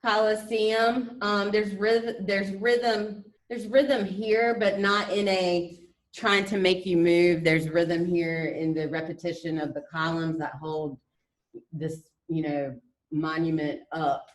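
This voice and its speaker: A woman's voice: lowish voice, flat delivery, slow pace, recorded from a distance. Chatty woman teacher in an echoey room. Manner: chatty, many fillers and restarts. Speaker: art teacher. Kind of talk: classroom lecture over slides.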